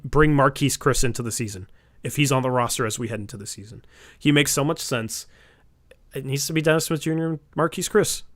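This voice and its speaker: A man co-hosting a casual sports podcast, arguing his opinions at length with quick asides. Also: mid-range voice, fairly bright tone. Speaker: podcast co-host.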